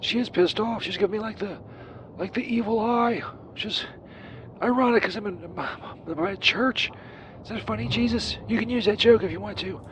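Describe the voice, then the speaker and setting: A man's voice: high-pitched, normal speed, a bit bright. A man playing a crude, sleazy Saint Peter who rambles and swears, calling in from outside a church. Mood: flustered. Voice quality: rambling, profane, full of ums and uhs. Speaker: caller on the show. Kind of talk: comedic phone-in bit. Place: outdoors near a church. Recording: noisy street with passing vehicles.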